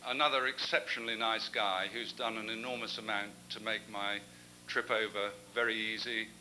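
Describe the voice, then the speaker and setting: A man's voice: fairly low pitch, fairly even intonation, moderate pace, sharp tone, a little hiss or hum, poor audio. An older man with an English accent giving a genial, anecdotal after-dinner speech as the guest speaker.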